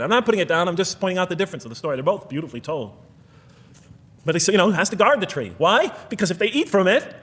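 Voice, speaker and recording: A man's voice: a little high, fairly bright tone. An American man giving a reflective lecture, reading out verses and explaining them while thinking aloud and rephrasing himself. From United States. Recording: long hall reverb.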